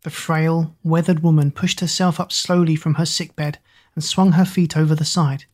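Audiobook narrator, woman, low and husky, measured. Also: flat delivery, a little mellow. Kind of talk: storybook narration.

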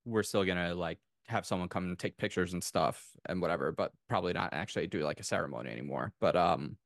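A podcast co-host in his thirties with a fairly low voice, talking in an easy, chatty way. He tells a story with lively, enthusiastic tangents. His voice sounds dry and close to the mic. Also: fast, creaky, no echo. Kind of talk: casual chat.

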